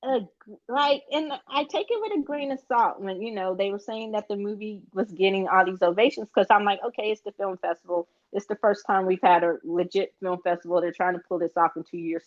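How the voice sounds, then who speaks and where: A woman's voice: medium pitch, a little fast. A woman co-hosting a podcast in casual chat, talking frankly and at length, swearing freely. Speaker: podcast co-host. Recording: dull lo-fi recording.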